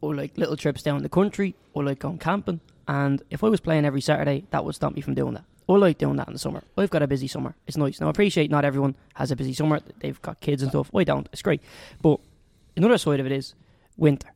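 Irish man, podcast co-host, quick talker, gravelly, dry close sound. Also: a little high, a little mellow, dry recording. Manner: chatty, opinionated. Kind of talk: casual chat.

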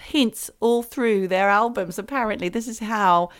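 A woman hosting a comedy podcast, telling a story in an animated, mock-serious way. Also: mid-range voice, measured pace.

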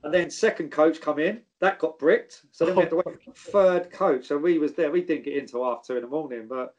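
A man, a former footballer, telling animated anecdotes and swearing freely. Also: on the high side, fairly quick, dull audio. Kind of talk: casual storytelling.

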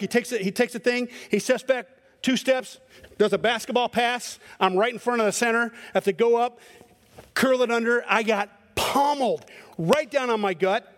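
A male pastor giving a sermon in a conversational way, telling stories with animation. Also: very high voice. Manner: conversational preaching with animated storytelling.

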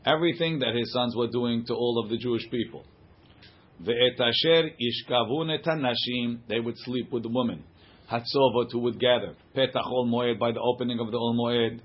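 Husky male teacher leading a class. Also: medium pitch, normal speed. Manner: conversational, translating passages line by line. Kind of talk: informal text-study class. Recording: dull lo-fi recording.

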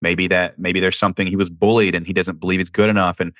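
Man, podcast host, deep voice, dry close sound, candid, conversational, restarts sentences. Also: little pitch movement, quick pace, fairly bright tone, no echo. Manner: candid, conversational, repeats words when restarting. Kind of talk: casual advice talk.

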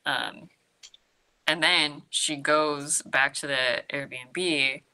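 Recapping a movie on the podcast she co-hosts, a young woman giggles, chats casually, and performs the characters' quotes. She speaks low, steady, and smooth, drawing out her words with a sharp edge.

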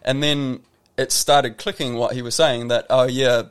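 A man with a New Zealand accent speaks as a podcast guest, his voice sitting at an ordinary mid pitch. He talks in a reflective, rambling way, circling back with fillers and restarts as he works through a story. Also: steady tone, moderate pace, a bit bright, clear, resonant tone. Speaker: guest, professional tennis player. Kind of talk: casual podcast interview.

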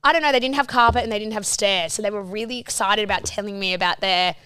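This is a woman in her late twenties with a bright, forceful voice, telling stories like a chatty podcast co-host. She swears freely and acts out everyone's lines with lots of energy. The sound is close and dry, with no room around it. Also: medium pitch, fast talker, clear, resonant tone, no room sound. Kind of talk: casual storytelling chat.

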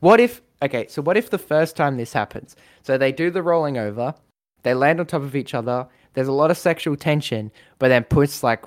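A man in casual chat, rambling through a story idea with lots of fillers and quick acted-out lines. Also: medium pitch.

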